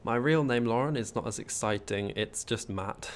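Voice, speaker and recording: A man's voice: medium pitch, normal speed, slight background noise. A man with a posh English accent, chatting casually on a gameplay livestream, rambling and reading out chat as he builds. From England.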